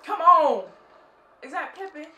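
A woman reacting to a movie for the first time, excitable and slangy, gasping and laughing at what she sees. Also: extremely high pitch, a little slow, recorded from a distance, noisy background. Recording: echoey room, set back from the mic.

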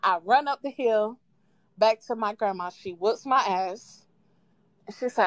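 A woman calling in to a live show, casually telling a childhood story with lively quoted voices and frequent laughs. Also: mid-range voice, a little slow, no room sound. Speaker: caller. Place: at home on a live call. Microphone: phone.

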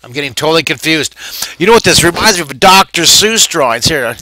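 A man's voice: a little high, expressive, brisk, sharp tone. A middle-aged man giving a live drawing lesson at an art camp, chatty, playful and self-mocking as he draws. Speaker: drawing teacher.

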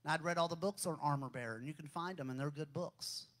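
A middle-aged pastor preaching his own story in a plain, folksy way. His voice sits fairly high for a man, and he pushes into fervent, raised calls to his congregation. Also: quick pace, a bit bright. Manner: folksy testimony, builds to fervent raised exhortation. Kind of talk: sermon.

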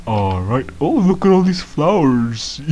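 Guy playing a game for the first time, giggly and excitable, talking at a medium pitch. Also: slow pace, dull audio. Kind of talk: gameplay commentary.

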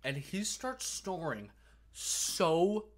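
A young man co-hosting a casual podcast, telling a story with animated, profane energy. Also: on the high side, drawn-out words, a little hiss or hum. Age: young adult. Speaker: podcast co-host.

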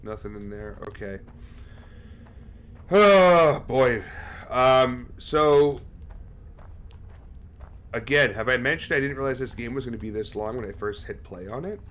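A man's voice: medium pitch, moderate pace, pauses often, a bit bright. Profane casual male game streamer. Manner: casual and profane, chatting with viewers. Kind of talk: live horror game stream commentary.

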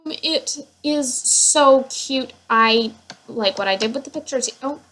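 Gushing, slow-talking woman with a high voice. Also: fairly bright tone, slight background noise. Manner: gushing, rambling, many fillers and self-interruptions. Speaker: gamer showing her household. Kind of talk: casual gameplay commentary.

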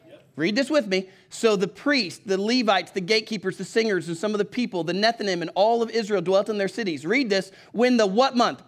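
A middle-aged pastor with a Southern country accent, preaching a folksy sermon and calling on the congregation to read along with him. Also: male voice, high voice, a little fast.

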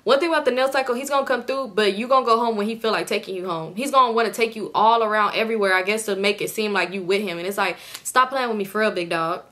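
A woman's voice: mid-range voice, quick pace, hardly any pauses, fairly bright tone. A young woman telling a casual storytime, exasperated and profane as she animatedly retells what happened. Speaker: storytime YouTuber.

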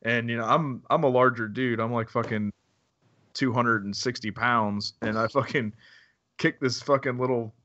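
A man's voice: mid-range voice, moderate pace. A man hosting a casual interview, laid-back and swearing, laughing often. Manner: relaxed, profane, laughs often. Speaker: interview host. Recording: dull lo-fi recording.

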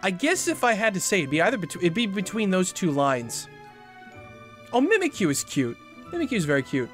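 A man casually chatting while playing a video game, moving from low mumbles to excited outbursts. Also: brisk, faint music behind. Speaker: gaming video host. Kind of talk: casual let's-play commentary.

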